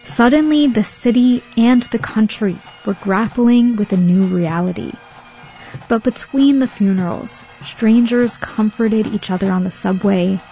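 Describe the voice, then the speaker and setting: Woman reporter with a mellow voice. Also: fairly high pitch, vocal fry, dull audio. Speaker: radio news reporter. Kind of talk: scripted news narration.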